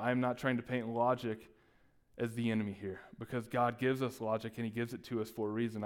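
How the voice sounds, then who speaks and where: A man preaching a sermon, acting out the disciples' lines as he retells the story. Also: medium pitch. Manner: animated, acts out the disciples' voices. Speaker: pastor.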